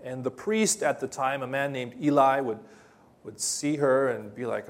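A man preaching a sermon, telling Bible stories in a hesitant way with many pauses and fillers. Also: medium pitch. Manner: hesitant, many ums and uhs, gentle storytelling. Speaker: pastor.

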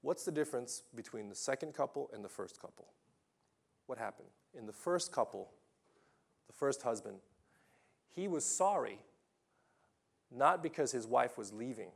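A man preaching a sermon as pastor, with dramatic swings between loud emphasis and quiet asides. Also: mid-range voice, lively intonation, normal speed, vocal fry, pauses often.

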